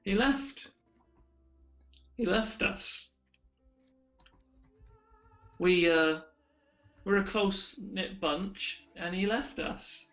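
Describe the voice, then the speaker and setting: A man voicing a nervous young male mountain gatekeeper who speaks haltingly, with many pauses. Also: high-pitched, fairly bright tone, faint music behind, voice pushed up, heavily acted. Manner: hesitant, halting, full of pauses. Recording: dull lo-fi recording.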